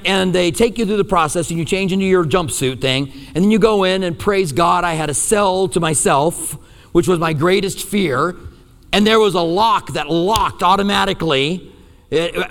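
High-voiced guy preaching, jokey storytelling, big reverby hall. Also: normal speed. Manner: storytelling, animated, self-deprecating. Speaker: pastor. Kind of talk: sermon.

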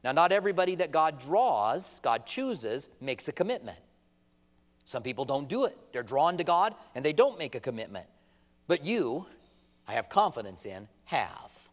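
Male pastor, high-pitched, passionate pulpit delivery with emphatic peaks, recorded with hall reverb. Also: big pitch swings, normal speed. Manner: impassioned, rising to emphatic outbursts, quotes opponents in mock voices. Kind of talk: sermon. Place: church sanctuary at a pulpit. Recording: long reverb of a large hall.

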